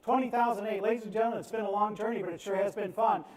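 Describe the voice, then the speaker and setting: A man working as a charity auctioneer, calling bids in a fast rhythmic chant and coaxing bidders along. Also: high voice, steady tone, darkish tone. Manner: rapid rhythmic bid chant, cajoling bidders. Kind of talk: live auction bid calling. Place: event venue on the Gulf coast. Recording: echoey room, voice from off-mic.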